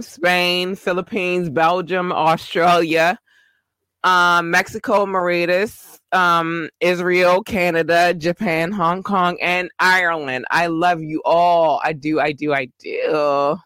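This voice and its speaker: A host, doing casual shout-outs and speaking affectionately to the listeners. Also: medium pitch, flat delivery, takes it slowly, clean tone, dry recording. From Baltimore, Maryland. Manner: affectionate, repeats thanks to listeners.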